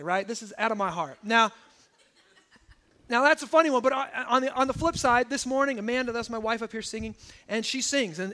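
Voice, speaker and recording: A man in his thirties preaching a sermon in a church, telling personal stories in an animated way and often asking "okay?". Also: very high-pitched. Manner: animated storytelling, asides like "okay?". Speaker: pastor.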